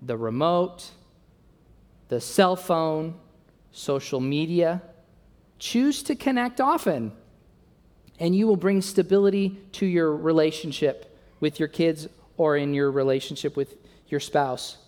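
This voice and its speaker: A man's voice: fairly high pitch, slow pace, long pauses. Guy preaching a sermon, storytelling, pokes fun at himself, big echoey hall. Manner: animated storytelling, self-mocking, acts out dialogue. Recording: long reverb of a large hall.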